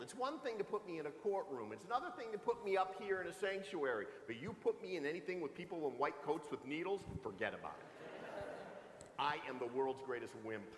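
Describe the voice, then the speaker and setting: A man in his sixties, a pastor giving a homily with animated, humorous storytelling in a church sanctuary. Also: on the high side, a little hiss or hum. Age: 60s. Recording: echoey church with long reverb.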